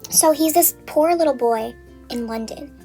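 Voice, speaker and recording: A woman's voice: sits high, normal speed, mellow, faint music behind. A young woman vlogger casually retelling a story from memory while getting ready, rambling, swearing a lot and saying "like" constantly.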